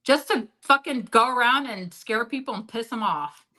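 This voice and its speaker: Woman interview guest, bright forceful tone, swears freely, lots of "like", animated swings in pitch and volume. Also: normal speed, low-quality recording. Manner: blunt and heavily profane, leans on "like" as a filler; animated, jumps up and drops low in pitch and loudness. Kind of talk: candid storytelling in a sit-down interview.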